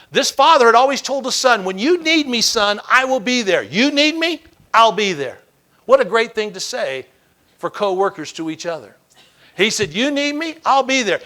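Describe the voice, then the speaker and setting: A man giving a motivational keynote speech, telling stories with dramatic, repeated emphasis that swings from loud to hushed. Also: sits high. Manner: dramatic storytelling with emphatic repetition. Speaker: keynote speaker.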